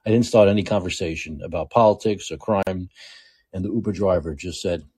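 A man with a New York accent delivers a political commentary monologue, hammering his points home by saying them again and again. His voice sits fairly low, with a husky edge and a warm, dark tone, and his pitch swings widely as he presses each point. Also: a little fast. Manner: emphatic and repetitive, restating points. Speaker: show host.

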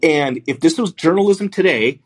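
A man's voice: on the high side, expressive, normal speed. A man hosting a talk show, giving blunt, profane commentary and rambling with many restarts. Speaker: podcast host. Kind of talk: casual commentary.

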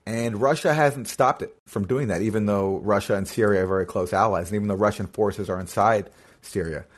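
A man's voice: on the low side, a little fast. A man in his forties hosting a podcast, explaining things in a casual way with occasional restarts. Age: 40s. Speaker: podcast host. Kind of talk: casual chat.

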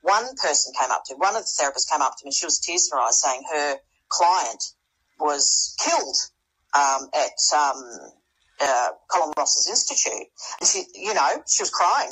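A middle-aged woman, speaking as a podcast guest. Her voice is husky and sits fairly low. She tells her story in a loose, animated way, stumbles over restarts, and jumps up in pitch to play the people she quotes. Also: normal speed, rough recording. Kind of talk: casual storytelling.

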